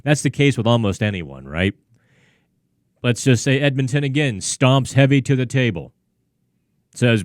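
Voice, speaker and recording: A man's voice: mid-range voice, expressive, moderate pace, pauses often, no echo. A male sports host talks through viewer questions on a live hockey stream. His voice sits in the middle range and the studio sound is dry and close. He speaks in loose, conversational runs, full of restarts and asides. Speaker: sports talk show host.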